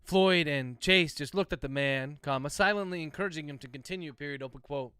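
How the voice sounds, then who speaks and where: A man with a slightly high, smooth voice dictates a novel aloud, speaking every comma and period, then drops into loose chat with his viewers. He swears freely, and the recording is dry and close. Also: brisk, bright, forceful tone, dry recording. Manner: reads punctuation aloud, casual and swears freely. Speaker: author and livestream host.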